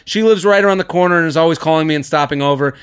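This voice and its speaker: A young man with a fairly high voice hosts a comedy podcast. He reads listener emails aloud in a mocking voice and gives advice, animated and quick to laugh. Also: smooth. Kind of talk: casual comedic podcast chat.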